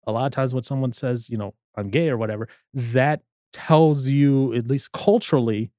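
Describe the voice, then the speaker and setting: A man chatting casually and animatedly, slipping into quoted voices as he tells a story. His voice sits at an ordinary pitch and sounds close and dry, with no room around it. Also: moderate pace, warm tone, no room sound. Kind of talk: casual chat.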